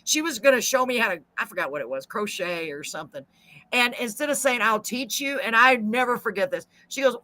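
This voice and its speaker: A woman's voice: fairly high pitch, expressive, a little fast, pushed and bright. A middle-aged woman with a Texan accent, hosting a live show and chatting casually while reading viewer comments aloud. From Central Texas. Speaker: host of a live online show. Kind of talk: casual live-stream chat.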